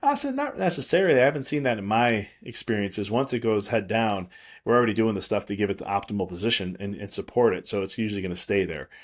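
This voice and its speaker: Low-voiced reassuring male podcast host. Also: fairly even intonation, fast talker. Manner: rambling, reassuring, frequent restarts and fillers. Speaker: podcast host and prenatal chiropractor. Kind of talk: solo podcast monologue.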